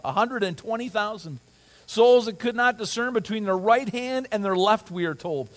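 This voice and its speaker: A man with a high voice preaches with fervor, his delivery rising and falling as he presses his point. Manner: impassioned preaching, reads scripture aloud, asks the congregation to repeat. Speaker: pastor. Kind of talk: sermon.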